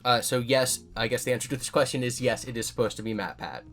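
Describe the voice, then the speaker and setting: A man's voice: medium pitch, fast talker, fairly bright tone, soft background music. A man hosting his own channel, answering viewer questions in casual chat and thinking aloud with frequent restarts.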